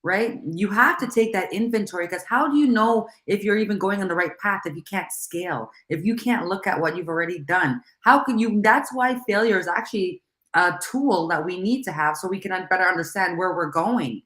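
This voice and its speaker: A middle-aged woman hosting a casual talk show, talking in an animated, rambling way and laughing often. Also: lowish voice, fairly quick, reverberant.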